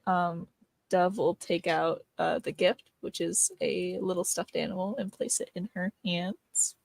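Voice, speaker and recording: A woman playing a tabletop game, speaking gently and hesitantly with many ums. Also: on the low side, steady tone, unhurried, gravelly, no room sound. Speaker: player.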